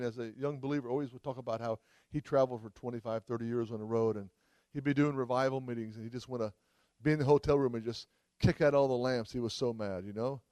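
A man's voice: medium pitch, a little mellow, no room sound, clean studio sound. A man preaching a sermon at a church service, fervent, with frequent cries of hallelujah. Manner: fervent, exclaims hallelujah often. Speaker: traveling preacher.

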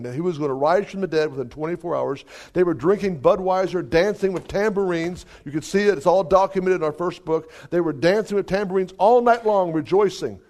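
A male preacher telling a testimony in a sermon, lively and dotted with hallelujahs and chuckles. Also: high-pitched. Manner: animated, exclamations of hallelujah, chuckles.

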